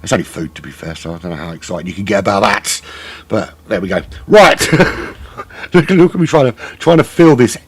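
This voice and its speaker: A man's voice: lowish voice, lively intonation, moderate pace, husky. A middle-aged man doing live sim racing commentary, rambling and joking at his own expense to fill the time. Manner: rambling, self-mocking waffle. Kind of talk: live race broadcast commentary, filling time.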